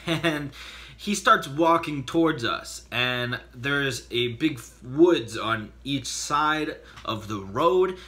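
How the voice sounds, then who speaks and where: A man vlogging to camera, telling personal stories with big dramatic reactions and acted-out quotes. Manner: excitable, acts out voices in his stories with big pitch jumps. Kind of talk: animated storytelling to camera.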